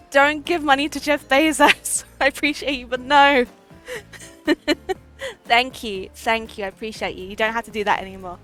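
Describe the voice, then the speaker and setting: A woman's voice: sits high, bright, forceful tone. A woman streaming a game live, chatting playfully with viewers, giggling often, and reading the game's text aloud. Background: faint game music.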